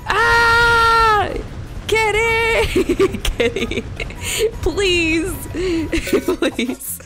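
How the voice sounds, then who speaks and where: A young woman with a very high, bouncing voice commentates on her gameplay in an unhurried way. She squeals, gasps and laughs often. Faint game music plays behind her. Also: expressive. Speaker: gaming channel host.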